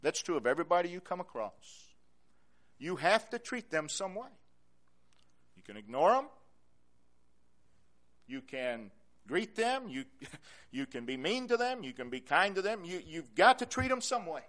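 A male pastor preaching a sermon in a church, repeating key phrases and swinging from quiet to loud. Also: high-pitched, big pitch swings, moderate pace, long pauses.

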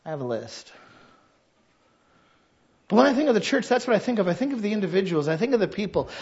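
A man preaching a sermon as pastor in a church, candid and self-deprecating, swinging from quiet confiding to loud impassioned preaching. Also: sits high, dull audio. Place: church sanctuary.

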